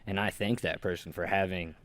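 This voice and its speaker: A man's voice: sits low, fairly even intonation, fairly quick, fairly bright tone, dry recording. A man in a casual podcast chat, earnest and defensive, making his case about online honor. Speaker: podcast co-host.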